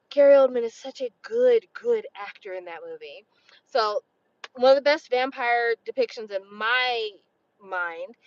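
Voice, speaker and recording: A woman's voice: fairly high pitch, no room sound, lo-fi sound. A woman in her forties talking casually to camera, blunt and opinionated, swearing freely. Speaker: vlogger.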